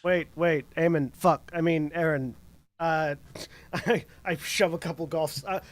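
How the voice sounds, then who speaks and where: A man in a tabletop game session speaks a little higher than most men. He jokes with the table and trips over names as he describes his character's actions. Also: steady tone, a little slow. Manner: laughing, joking, stumbling over names. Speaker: player.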